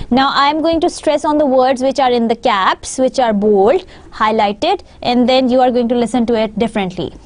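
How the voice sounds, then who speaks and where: A woman's voice: high-pitched, a little mellow. A woman with a Pakistani English accent giving a recorded university lecture, explaining patiently and often recapping her points.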